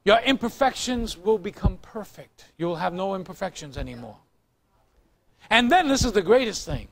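A male pastor preaches in a high voice, loose and chatty, cracking jokes and teasing his congregation between points. He speaks to a live church crowd. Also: big pitch swings, moderate pace, creaky. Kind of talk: sermon. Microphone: recorded on tape in the room.

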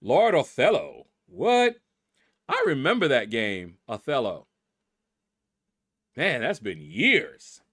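A man's voice: medium pitch, huge pitch swings, slow pace, long pauses, fairly bright tone, breathy edge. A middle-aged man hosting a gaming channel, casually reading out leaderboard names and musing aloud as he stumbles over them.

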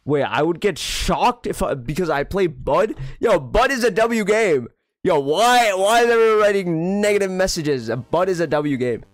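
Excitable high-voiced male streamer. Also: dry recording, studio quality. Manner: excitable, quick reactions, lots of "bro" and "yo". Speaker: game streamer. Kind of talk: live gameplay stream, reading chat aloud.

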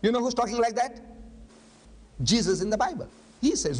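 An older man lecturing and debating in public, forceful and argumentative, firing rhetorical questions. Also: extremely high pitch, expressive, brisk, long pauses. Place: large lecture hall. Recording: long hall reverb, faint noise.

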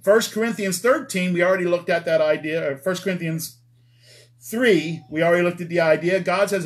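A man's voice: sits high, a little fast. A man preaching a Bible study in a church, emphatic, repeating key words and checking in with his listeners.

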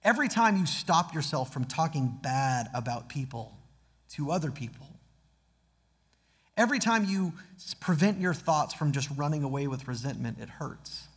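A man's voice: fairly high pitch, sing-song, normal speed, breathy edge, big-room sound. A man preaching a sermon as pastor, earnest, reading scripture aloud with dramatic emphasis. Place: church sanctuary.

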